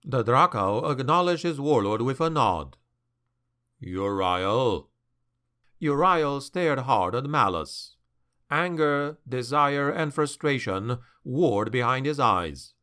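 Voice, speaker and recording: A man narrating a dark fantasy audiobook in a slow, deliberate, dramatic manner. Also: mid-range voice, expressive.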